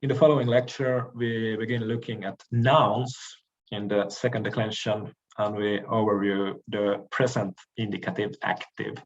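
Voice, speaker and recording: A man giving a recorded language lecture, explaining carefully with frequent pauses and restarts. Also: on the low side, steady tone, dull audio.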